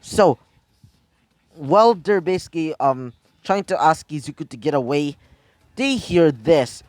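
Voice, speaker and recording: A man improvises a fan story, rambling and restarting with many fillers. His pitch is fairly high and swings about. Dry, close recording. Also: animated, measured pace, no room sound.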